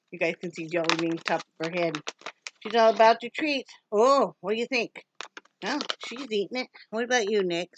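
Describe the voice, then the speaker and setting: A woman's voice: mid-range voice, normal speed. A woman from Wyoming chatting casually while unboxing a dog subscription box, breaking off to scold and coo at her dogs. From Wyoming, USA. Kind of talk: casual unboxing vlog chat. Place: home with dogs around. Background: dogs moving and making noise.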